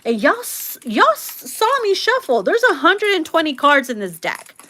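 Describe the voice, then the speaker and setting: A woman's voice: high voice, very animated, normal speed, pushed and bright. A woman giving a casual tarot reading, blunt and profane, laughing a lot and acting out quoted lines in slangy voices. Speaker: tarot reader.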